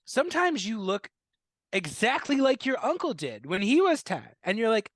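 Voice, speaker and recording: An animated man tells stories in a fairly high voice, slipping into quoted voices of relatives and laughing at his own tales. The sound is close and dry, with no room around it. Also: normal speed, no echo. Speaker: comedian and guest. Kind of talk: casual interview chat.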